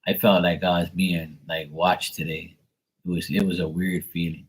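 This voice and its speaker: Deep husky guy rambling on a livestream, swears a lot, tons of likes and ums. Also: flat delivery, normal speed, rough recording. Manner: rambling, profane, with many fillers. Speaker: live stream tarot reader. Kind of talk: casual livestream chat.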